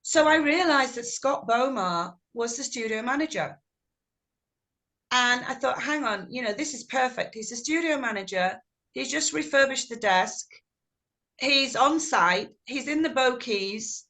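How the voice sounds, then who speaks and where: A woman's voice: fairly high pitch, measured pace. A middle-aged woman singer telling stories in a video call interview, acting out quotes with animation. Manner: animated, warm storytelling with acted-out quotes.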